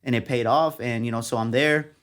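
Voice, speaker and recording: In a casual interview, a young journalist guest from San Antonio, Texas, recounts his story. He speaks a little fast in a mid-range voice, staying animated and acting out quotes from the people he dealt with.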